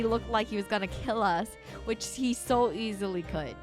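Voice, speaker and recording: A bubbly young woman streaming a game, giggling and chatting excitedly as she plays. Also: a little high, moderate pace, few pauses. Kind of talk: casual gaming commentary. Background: background music.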